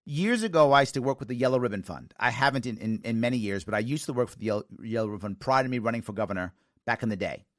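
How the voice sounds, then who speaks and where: An American man in his forties hosting a talk show, telling stories in an animated way, acting out quoted lines and giggling now and then. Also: mid-range voice, racing, no room sound, studio quality. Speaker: radio talk show host. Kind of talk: casual talk show monologue.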